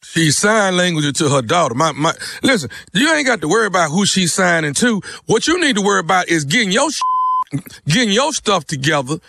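Loud high-pitched prank-calling man. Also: very animated, a little fast, gravelly, no room sound. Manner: loud, confrontational, mock-indignant. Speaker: radio prank caller. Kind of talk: prank phone call.

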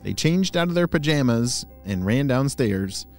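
A man's voice: medium pitch, expressive, measured pace, a little mellow, soft background music. A man hosting and narrating children's stories in an enthusiastic, playful way. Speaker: children's storyteller and host. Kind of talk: animated story narration for kids.

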